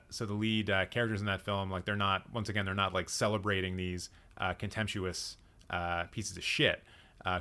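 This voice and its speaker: A man's voice: fairly low pitch, sharp tone, clean tone. A man hosting a live movie chat stream, thinking aloud with frequent ums and restarts as he reacts to the chat. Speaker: livestream movie chat host. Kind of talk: casual live-stream film discussion.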